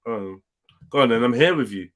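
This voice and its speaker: A man's voice: medium pitch, animated, brisk. A man hosting a casual livestream chat. He talks in loose, teasing street slang. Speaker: livestream host.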